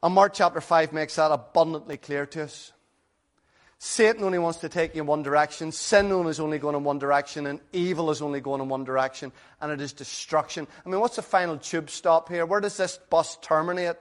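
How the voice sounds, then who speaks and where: A man preaching a sermon in an earnest, conversational way, full of rhetorical questions. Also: fairly high pitch.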